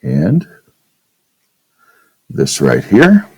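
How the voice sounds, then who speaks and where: A man's voice: on the low side, wildly swooping pitch, drawn-out words, creaky, darkish tone, slightly rough, no echo, low-quality recording. A male teacher giving a casual classroom physics lecture at a whiteboard, often checking in with "okay?". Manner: casual, checks in with "okay?", demonstrates with his own voice.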